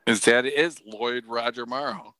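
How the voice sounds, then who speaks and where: A man's voice: mid-range voice, fairly even intonation, a little slow, bright, forceful tone, dry recording. A man co-hosting a podcast, chiming in with short jokes in casual chat. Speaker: podcast co-host.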